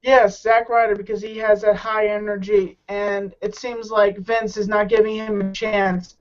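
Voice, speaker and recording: A man being interviewed as a guest, talking in a rambling, hesitant way with many restarts. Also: high-pitched. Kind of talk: casual interview chat. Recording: muffled lo-fi audio.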